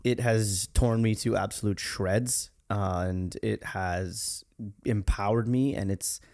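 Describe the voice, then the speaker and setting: A man's voice: lowish voice, fairly even intonation, slow, creaky, a little mellow. A man hosting a podcast, talking in an earnest, reflective way with frequent restarts. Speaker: podcast host. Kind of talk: casual podcast conversation.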